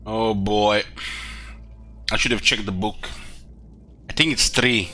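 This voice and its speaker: A man's voice: fairly low pitch, steady tone, takes it slowly, pushed and bright, soft background music. A man streaming a video game, chatting casually in a rambling, profane way with lots of fillers. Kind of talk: casual gaming commentary.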